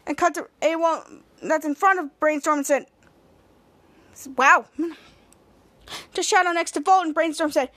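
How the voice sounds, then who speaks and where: A woman hosting a podcast, retelling a TV episode in a rambling way with many halting restarts, and acting out the characters' lines in animated voices. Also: high-pitched. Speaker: podcast host. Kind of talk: casual episode recap.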